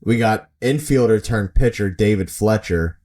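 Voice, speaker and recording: In a casual sports chat on his podcast, a co-host discusses baseball, mimicking players' reactions amid bursts of laughter. He has a lowish, darkish voice and talks at a normal speed.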